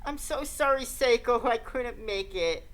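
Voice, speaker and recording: A woman's voice: a little high, animated, a little slow, a bit bright. A woman voicing a frightened teenage schoolgirl, panicked and pleading. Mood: desperate.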